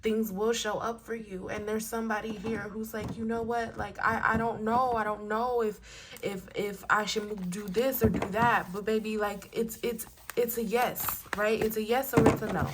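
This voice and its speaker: Woman, young adult, casual spiritual card reader, earnest and affirming, gets animated and emotional. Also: medium pitch, moderate pace, very noisy.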